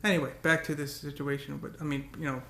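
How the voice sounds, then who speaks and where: A man's voice: on the high side, level tone, fast, a bit bright, roomy sound. A man talking to the camera in a casual, rambling monologue, often repeating words and breaking into cursing rants. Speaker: vlogger.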